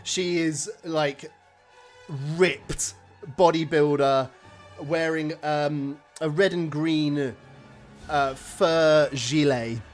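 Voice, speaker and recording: A man's voice: on the high side, drawn-out words, faint music behind. A man narrating as game master of a tabletop role-playing game, rambling with restarts. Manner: rambling, many fillers and restarts.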